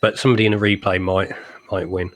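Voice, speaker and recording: Low-voiced jokey man talking music. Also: little pitch movement, fast, a little hiss or hum. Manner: chatty and enthusiastic, rambles about old albums; jokey, laughs easily. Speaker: co-host of a live music chat show. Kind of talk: casual live-stream chat.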